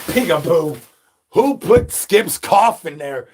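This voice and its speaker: A man's voice: fairly high pitch, animated, measured pace, a little hiss or hum. A man doing a crude, absurd comedy monologue, rattling off rhyming nonsense and repeated catchphrases and calling for brains like a zombie. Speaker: comedy streamer.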